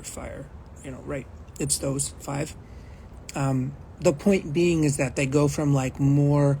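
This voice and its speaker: A man's voice: a little high, gravelly, a little mellow, a little hiss or hum, poor audio. A man teaching a non-conceptual meditation practice in a conversational way, often acting out inner thoughts and checking in with his listeners. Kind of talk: teaching a spiritual practice talk.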